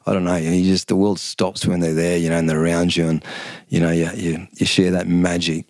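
A man's voice: low-pitched, a little fast, no echo. An Australian man in his fifties, a former fighter, talking casually and at length as an interview guest, acting out quotes as he tells stories. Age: 50s. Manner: rambling, animated storyteller who acts out quotes. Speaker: guest, former kickboxing champion.

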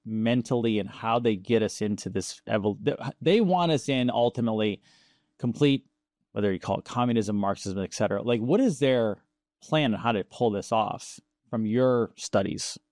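A man hosting a conversation, telling stories in a casual, animated way and acting out the quoted voices. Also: fairly low pitch, normal speed, no echo, clean studio sound. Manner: animated, acts out quoted dialogue, laughs often. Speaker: show host.

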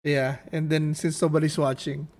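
Eager, higher-voiced male player. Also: little pitch movement, moderate pace, darkish tone. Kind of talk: playing a tabletop game.

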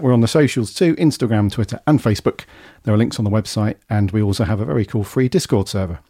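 Male podcast host, mellow and warm tone, dry close sound, breezy chatty delivery. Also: medium pitch, dry recording. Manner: chatty, upbeat British slang. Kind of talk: casual podcast chat.

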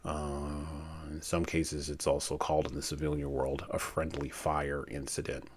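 Very deep husky male reader. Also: level tone, moderate pace. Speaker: reader and commentator. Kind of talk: reading a war memoir aloud, then commenting.

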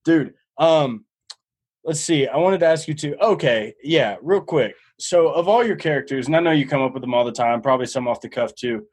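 A man's voice: mid-range voice, a little fast, husky. A young man hosting a casual podcast chat, laid-back, calling his guest dude and laughing easily. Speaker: podcast host.

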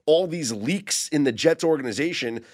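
A man's voice: fairly high pitch, animated, moderate pace. A man on a sports betting podcast, casually recounting football news in detail.

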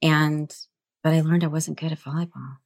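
A woman guest author in a relaxed interview, telling anecdotes in an animated, conversational way. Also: low voice, normal speed. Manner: animated, tells anecdotes with tag questions. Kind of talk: conversational storytelling.

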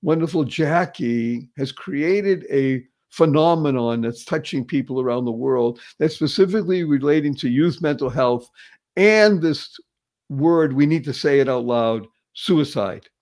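An energetic man hosts a motivational talk show, his voice sitting slightly high for a man. He gushes over his guest and hammers his points home by repeating key phrases. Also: unhurried. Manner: enthusiastic, effusive, repeats phrases for emphasis. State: paralyzed for years. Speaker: show host.

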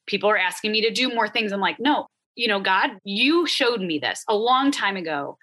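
A woman's voice: medium pitch, lively intonation, moderate pace, sharp tone. A woman talking about her work as a productivity coach in a casual podcast interview, with lots of filler words. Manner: chatty, frequent "like" fillers.

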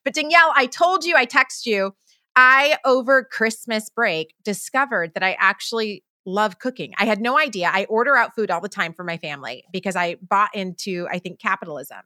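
A woman's voice: mid-range voice, moderate pace, sharp tone, dry recording. A woman podcast host in casual chat who speaks eagerly and talks straight to her listeners. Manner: enthusiastic, addresses listeners directly.

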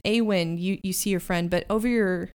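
A woman running a tabletop game as game master, her voice at an ordinary mid pitch. She improvises the scene in halting bursts, restarting often. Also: steady tone, darkish tone, clean tone. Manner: halting, hesitant, improvised narration.

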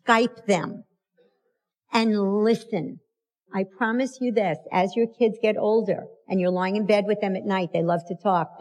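A woman's voice: mid-range voice, darkish tone. A middle-aged woman giving a talk on parenting to an audience, telling stories and acting out the quotes with emphasis. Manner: storytelling, emphatic, acts out quotes. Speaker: parenting speaker.

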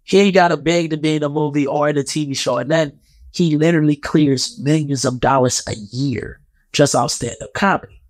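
A man's voice: a little high, steady tone, a little fast, no room sound, clean studio sound. A man giving a heated, profane, rambling commentary rant in a casual vlog.

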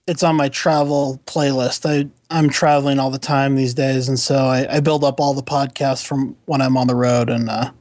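A man's voice: mid-range voice, level tone, moderate pace, hardly any pauses, darkish tone, no echo. A man co-hosting a podcast in casual chat, easygoing and joking. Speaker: podcast co-host.

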